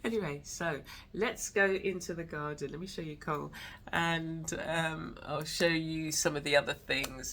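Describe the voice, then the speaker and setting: A woman's voice: low voice, steady tone, unhurried, fairly bright tone, a little hiss or hum. Chatty woman rambling on a walk. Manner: rambling, chatty, with many fillers and trailing thoughts. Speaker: host of an arts and wellness channel. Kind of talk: casual vlog chat. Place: home studio, then out into the garden.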